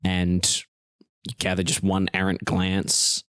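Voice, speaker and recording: A man's voice: deep voice, monotone, slow pace, a bit bright, clear, resonant tone, dry recording, studio quality. A man narrating as game master in an easygoing, descriptive way.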